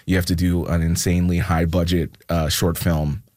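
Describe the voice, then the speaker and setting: A man with a very low voice talks through a topic in a relaxed panel chat. He explains at length and fills his pauses with ums and uhs. The sound is dry and close. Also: no echo. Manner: relaxed and explanatory, with many fillers. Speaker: culture commentator. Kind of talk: casual panel discussion.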